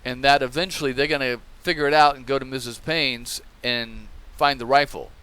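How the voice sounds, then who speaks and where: Guy doing casual commentary, smooth clear voice, chatty, keeps saying okay. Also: medium pitch, fairly even intonation, fairly quick, sharp tone. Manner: conversational, tags remarks with "okay?". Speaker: channel host reviewing testimony.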